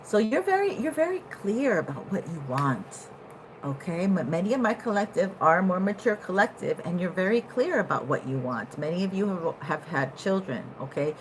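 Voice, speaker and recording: Woman, lower voice, chatty tarot reader, swings between hushed musing and loud laughing outbursts; faint room hum behind. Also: normal speed, low-quality recording. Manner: animated, laughing, swings from low musing to loud excited bursts. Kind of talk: casual tarot reading to camera.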